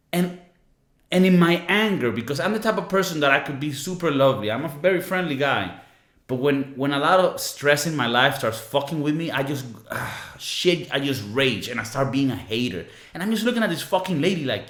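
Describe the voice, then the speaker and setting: A young man co-hosting a podcast, venting in a casual, profane rant and mocking people with quick impressions. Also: medium pitch, expressive, fairly bright tone. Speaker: podcast co-host. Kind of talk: casual ranting monologue. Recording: echoey room.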